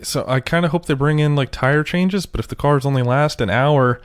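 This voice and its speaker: A man's voice: fairly high pitch, moderate pace, clear, resonant tone, no echo, studio quality. A man co-hosting a podcast in casual chat, loose and talkative, swearing freely. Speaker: podcast co-host.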